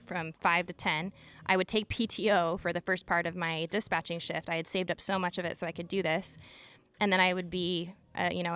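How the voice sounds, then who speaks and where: A woman's voice: on the low side, fairly bright tone, clean tone. A woman in her thirties from Utah, a former emergency dispatcher, earnestly recounting a tense story as a podcast guest, with frequent "like" fillers. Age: 30s. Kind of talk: personal storytelling in a podcast interview.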